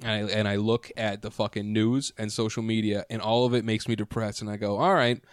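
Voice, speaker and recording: A man's voice: on the low side, little pitch movement, a little fast, clear, resonant tone, no room sound. A man co-hosting a podcast, rambling through history notes with frequent swearing and fillers into a studio microphone. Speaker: podcast co-host. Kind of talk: casual podcast chat.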